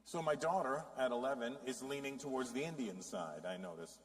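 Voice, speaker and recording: A man in his fifties performing a stand-up comedy routine, profane and animated, slipping into voices for quotes. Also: medium pitch, brisk. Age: 50s. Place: large live venue with audience. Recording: long hall reverb from a stage.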